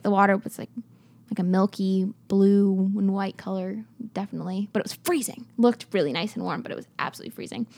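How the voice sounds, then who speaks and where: A woman's voice: mid-range voice, a little mellow. A young woman telling travel stories to her viewers in a chatty, filler-heavy way. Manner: chatty, many fillers, addresses viewers directly. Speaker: travel vlogger. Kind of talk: casual travel storytelling.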